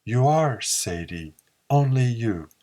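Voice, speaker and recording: A man's voice: medium pitch, lively intonation, slow pace, mellow, voice pushed up. A man voicing a tormented young man who strains and pleads against temptation. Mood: pleading.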